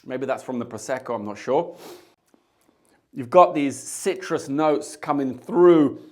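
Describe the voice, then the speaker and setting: Bartender host, male, mid pitch, casual and jokey tasting talk. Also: unhurried. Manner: chatty, jokey asides. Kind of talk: casual tasting chat to camera.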